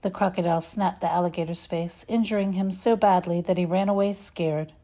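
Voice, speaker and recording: A woman reading a children's story aloud, expressive and measured. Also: fairly low pitch. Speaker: reader.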